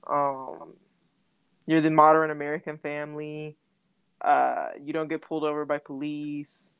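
A woman's voice: low voice, flat delivery, unhurried, clean tone, no echo. Chatty young woman, dry sound. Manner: chatty, laughs often, many fillers like "like". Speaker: podcast co-host. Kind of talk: casual chat.

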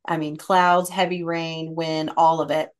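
A woman hosting a podcast, telling stories in a relaxed, chatty way with frequent fillers. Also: deep voice, measured pace. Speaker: podcast host. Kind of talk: casual podcast storytelling.

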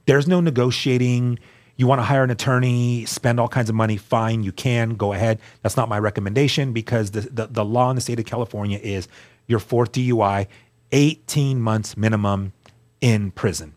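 A man's voice: medium pitch, steady tone, normal speed, darkish tone. A man as a guest, telling his personal story in an earnest, candid way, often restarting and repeating words. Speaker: guest sharing his testimony.

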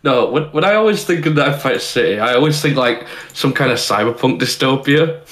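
A man's voice: medium pitch, expressive, brisk, a bit bright. A man co-hosting a podcast, throwing in quippy asides in casual chat. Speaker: podcast co-host.

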